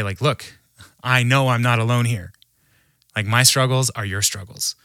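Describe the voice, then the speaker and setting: A man speaking as a podcast guest who tells stories in an animated way and laughs often. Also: lowish voice, dry recording, clean studio sound. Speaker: podcast guest, humor researcher. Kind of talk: conversational storytelling.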